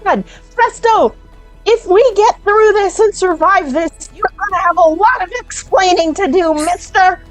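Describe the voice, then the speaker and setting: A woman's voice: extremely high pitch, unhurried, faint music behind, voice pushed up, rough recording. A woman voicing a fretful male nobleman who exclaims in worry during a tabletop game. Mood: exasperated. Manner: exclamatory, worried.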